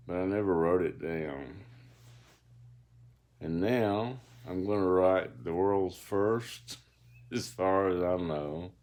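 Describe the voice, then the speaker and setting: A man talks from his bed in a low, deep voice, wandering through reflective, philosophical asides. He takes his time, speaking slowly and unhurriedly, like a self-made audiobook read aloud. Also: a little mellow. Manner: meandering, reflective, philosophical musing. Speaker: self-published author reading his own audiobook. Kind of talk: rambling spoken-word monologue. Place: lying in bed in a dark room.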